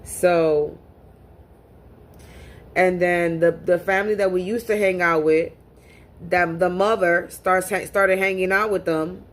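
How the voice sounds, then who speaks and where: A woman's voice: on the low side, fairly even intonation, slow, pauses often. A woman speaking to camera in a casual monologue as a spiritual reader, talking bluntly and profanely and often repeating words as she restarts.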